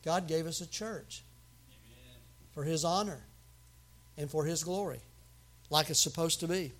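Pastor, male, high-pitched, emphatic sermon delivery that swings from quiet asides to loud outbursts. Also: a little slow. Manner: emphatic preaching with sudden loud outbursts and humor.

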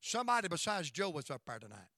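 A preacher quietly quoting his wife as she recalls a frightening, awe-filled night, in a hushed, low voice. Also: big pitch swings, quick pace, dry recording, full character voice. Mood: awed. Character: pastor's wife, awed and frightened.

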